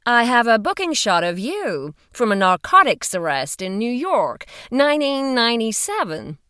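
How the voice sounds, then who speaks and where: A forthright woman investigator, as read by a female narrator speaks with lively swings in pitch and a brisk, chatty eagerness. The sound is close and dry, as in a booth. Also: clear, resonant tone, dry recording. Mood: chatty, candid. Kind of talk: audiobook reading.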